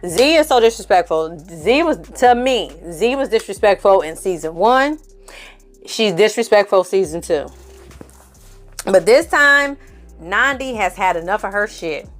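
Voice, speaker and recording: A woman's voice: mid-range voice, animated, measured pace, faint music behind. A woman recapping a TV series in a casual, opinionated and slangy way. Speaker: film and TV recap reviewer. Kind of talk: casual review chat.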